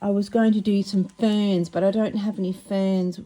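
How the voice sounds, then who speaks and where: A woman, chatting casually and excitedly while showing a craft project, often stumbling over her words. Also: mid-range voice, moderate pace. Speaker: craft vlogger.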